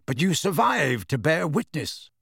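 A man voicing a grave, knowing adult godfather who explains things in a low voice. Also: very animated, measured pace, vocal fry, fairly bright tone, breathy edge, no echo, studio quality, exaggerated voice. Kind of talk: audiobook character voice.

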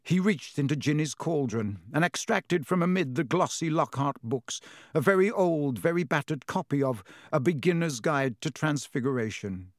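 A man reading a storybook aloud with expressive narration. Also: a little high, normal speed, no echo, clean studio sound. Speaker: audiobook narrator. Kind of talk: scripted narration.

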